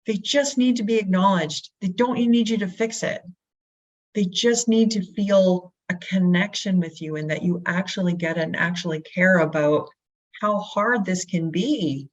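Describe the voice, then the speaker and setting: Woman, interview guest, lively and persuasive, lowish voice, muffled call audio. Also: moderate pace. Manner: energetic, acts out quotes, rhetorical questions. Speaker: real estate brokerage guest. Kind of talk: animated interview talk. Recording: dull lo-fi audio.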